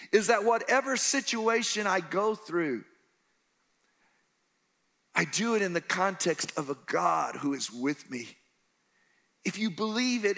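Male pastor, higher pitched and bright, animated storyteller who acts out characters mid-sermon.

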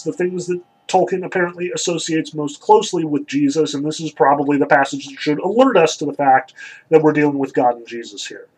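A man's voice: a little high, fairly quick, a little mellow, faint music behind, poor audio. A man giving a lecture, reading and analyzing passages from a story in a thoughtful, explanatory way with frequent ums and likes. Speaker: literature lecturer.

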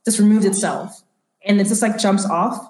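A woman's voice: mid-range voice, fairly even intonation, darkish tone. Hesitant woman narrating a tabletop game. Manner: halting, filler-heavy narration with acted voices. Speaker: game master. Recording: roomy echo.

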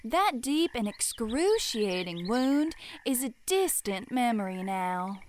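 Woman doing a high, swooping folksy mama, doting and theatrical. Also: big pitch swings, slow, a little mellow, slight background noise. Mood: comforting. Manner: folksy, drawling, theatrical sayings. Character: doting folksy older Southern-style mother.

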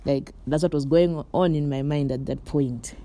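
A woman's voice: deep voice, steady tone, normal speed, dark tone. A young woman from Morocco hosting a casual solo podcast from her bed, rambling and chatty with lots of fillers. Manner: chatty and rambling, with frequent "like" and "you know" and light laughs. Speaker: podcast host.

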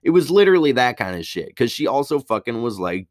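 A man's voice: medium pitch, very animated, fast, no room sound, studio quality. A man on a casual, rambling rant, heated and swearing heavily.

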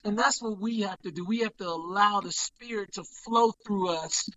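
An older man, a pastor, talking quickly and preacherly in a casual podcast discussion. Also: high voice, bright, forceful tone, no echo, muffled recording.

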